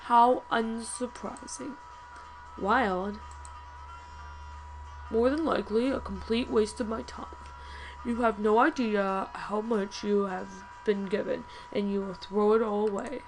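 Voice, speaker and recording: A woman voicing a stern older male professor who speaks slowly and scornfully in a cold voice. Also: medium pitch, fairly even intonation, soft background music, rough recording. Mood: cold, disdainful. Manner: cool, slow, scornful delivery.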